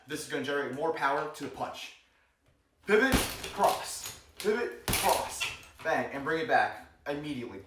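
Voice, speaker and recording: A man teaching self-defense moves in a joking vlog, calling out strikes as he demonstrates them. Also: medium pitch. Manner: playful, demonstrates moves while explaining, cracks jokes; energetic, calls out strikes during demonstrations. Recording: roomy, distant mic, noisy.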